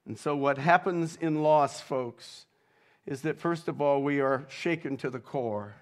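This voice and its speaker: A male pastor delivering a sermon in a measured, reflective way, reading quotations with feeling. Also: fairly high pitch. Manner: slow, measured preaching with dramatic readings of quotes.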